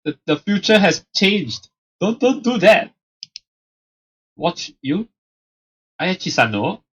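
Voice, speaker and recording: A woman's voice: fairly low pitch, big pitch swings, slow pace, husky, lo-fi sound. A woman hosting a let's play, reacting in disbelief to a visual novel with laughter and repeated questions. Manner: incredulous, laughing, repeating "what?". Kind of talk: game commentary.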